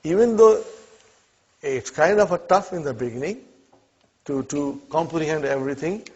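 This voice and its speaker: Speaking at normal speed with a slightly high, breathy voice and lively intonation, a man leads an Arabic lesson. He works through example sentences with students, encouraging them patiently and tossing in "huh?" and "okay?" checks. The audio is a dull, lo-fi classroom recording.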